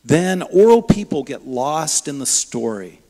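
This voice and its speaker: A man's voice: fairly high pitch, unhurried. Storytelling male preacher in a reverberant church. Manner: lively storyteller, acts out dialogue. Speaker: guest preacher from a Bible ministry. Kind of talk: sermon with storytelling. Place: church sanctuary.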